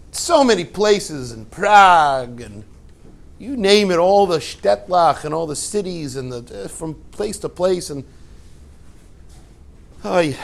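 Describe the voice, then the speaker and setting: Rabbi guy giving a torah class, kinda high voice, tells stories n jokes, lots of "how do you like that?" type questions. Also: gravelly. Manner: animated storyteller, rhetorical questions, joking asides. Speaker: rabbi and yeshiva head. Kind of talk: informal Torah talk to a class.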